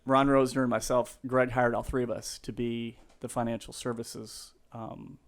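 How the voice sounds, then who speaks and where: A man's voice: medium pitch, level tone, moderate pace. A man in his fifties, a realtor telling stories as a podcast guest in a rambling, laughing way with many fillers and restarts. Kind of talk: casual storytelling.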